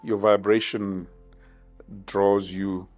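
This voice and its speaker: A man in his fifties from South Africa, giving measured, thoughtful interview answers with many pauses. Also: lowish voice, little pitch movement, darkish tone, soft background music. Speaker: interview guest.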